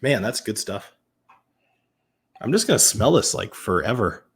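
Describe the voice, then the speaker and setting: A man from Massachusetts hosts a relaxed live-stream tasting in a fairly low voice. He talks loosely and chattily, trips over words, and corrects himself mid-sentence while answering viewers. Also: unhurried, husky. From Massachusetts, USA. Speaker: whiskey reviewer hosting a live stream.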